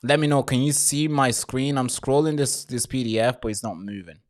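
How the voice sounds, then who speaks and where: A man's voice: mid-range voice, normal speed. Blunt, swearing live-stream host man. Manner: blunt, swears freely, talks straight to viewers; repeats himself and restarts phrases.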